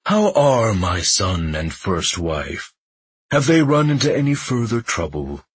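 A man's voice: lowish voice, big pitch swings, a little slow, breathy edge, full character voice. A man voicing a snide male demon who speaks in a stolen man's voice and mocks his captive with amusement. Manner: mocking and amused.

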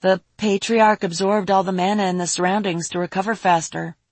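A woman voicing a steady, brave young female mage who explains things matter-of-factly. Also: medium pitch, fairly quick, no room sound, lightly acted.

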